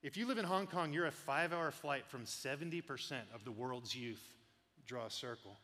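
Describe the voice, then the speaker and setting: A man preaching a sermon, telling animated personal stories and laughing often. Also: mid-range voice, moderate pace, big-room sound. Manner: animated storyteller, laughs often, quotes people. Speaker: pastor.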